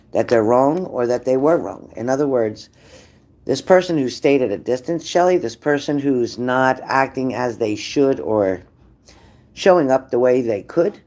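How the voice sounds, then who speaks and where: A psychic reader giving an unhurried spirit-message reading who repeats phrases and trails off mid-sentence. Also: mid-range voice. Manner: breaks off to scold a dog loudly.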